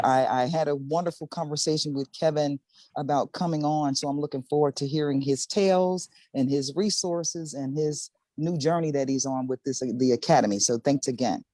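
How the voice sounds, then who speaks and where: A woman's voice: sits low, warm tone, dry recording. Businesslike woman consultant, dry sound. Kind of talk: self-introduction.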